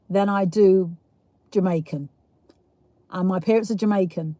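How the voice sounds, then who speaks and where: A woman from South East London, with the accent to match, hosts a casual livestream, reading comments and chatting with viewers. Her mid-range, dark-toned voice is a little slow with frequent pauses and no room sound, and she laughs often between rambling asides.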